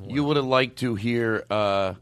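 A man's voice: mid-range voice, measured pace, fairly bright tone, clean tone, no echo. A man hosting a podcast in casual chat, rambling and jokey, with exaggerated complaints. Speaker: podcast host.

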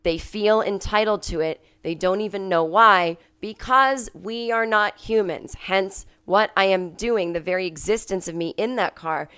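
Sick woman, smooth voice, animated storytelling. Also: mid-range voice. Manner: animated, acts out quoted people in a raised voice. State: sick, coughing and clearing her throat. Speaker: podcast host. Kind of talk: casual storytelling monologue. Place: at home.

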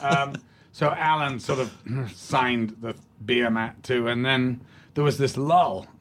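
Older man telling stories, halting. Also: medium pitch, noisy background. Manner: rambling, halting, with many restarts and fillers. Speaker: actor, guest. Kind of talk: anecdotal storytelling in an interview.

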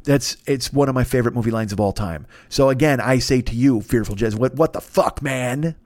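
Guy rattling off podcast plugs real fast, swears a lot, rambles and jokes, dry close sound. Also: medium pitch, darkish tone, no echo. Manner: rambling, profane, jokey. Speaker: podcast host. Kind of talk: casual podcast ad read.

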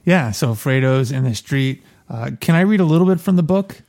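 A man co-hosting a podcast who keeps the conversation moving with curious questions. His voice is middle-pitched and easygoing in tone. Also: expressive, normal speed, darkish tone. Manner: curious, asks many questions. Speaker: podcast co-host. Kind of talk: casual chat.

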